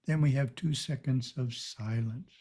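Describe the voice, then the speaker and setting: A man giving a calm, measured spiritual teaching talk over a video call. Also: mid-range voice, slightly rough.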